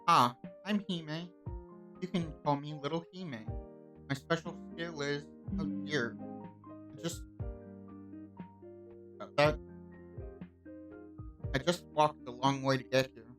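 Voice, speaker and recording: A meek young carp-spirit girl from a game, timid and politely begging, as a player reads her lines. Her voice comes from a little way off the mic, quiet, with faint guitar music underneath. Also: mid-range voice, slow, long pauses, far from the mic, natural voice.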